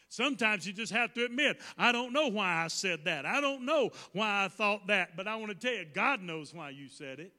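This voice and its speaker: A man preaching a sermon to a congregation, repeating his lines and leading call-and-response, now and then rising to a shout. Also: high voice, animated, moderate pace, few pauses. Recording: long reverb of a hall.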